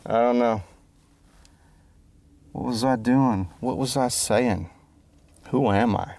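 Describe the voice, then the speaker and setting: Slow and steady, with long pauses, this man speaks in a low, darkish tone, recorded close with no room sound. An adult who grew up before the internet, he bills himself as a musician and entertainer and meanders through a self-deprecating comic monologue, often losing his place.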